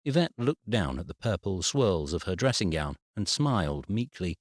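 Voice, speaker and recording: Deep-voiced British male narrator. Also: very animated, moderate pace, no room sound, studio quality. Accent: British English. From England. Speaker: audiobook narrator. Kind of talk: scripted narration.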